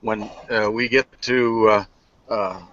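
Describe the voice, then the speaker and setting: A man's voice: fairly low pitch, steady tone, a bit bright, no echo. Guy on a hangout call, lots of uhs and ums, patient explainer, dead dry kinda dull audio. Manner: halting, many fillers, patient explaining. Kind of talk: live online hangout chat.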